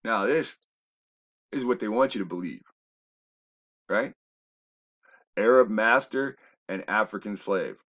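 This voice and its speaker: A man talking in a rambling, casual monologue that drops to low mutters and jumps to loud exclamations. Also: slow, long pauses, highs cut off. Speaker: video commentator.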